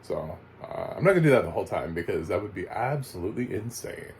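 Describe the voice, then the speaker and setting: A man's voice: lowish voice, sing-song, fast, a little hiss or hum, poor audio. A man casually reviewing a film, rambling and chatty with frequent laughs and fillers. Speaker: movie reviewer.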